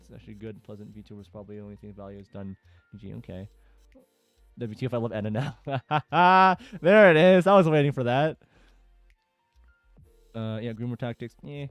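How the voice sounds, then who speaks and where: A man with a gravelly, lowish voice casually reads forum posts aloud and comments on them, recorded with lo-fi sound. He's chatty, with frequent fillers and chuckles.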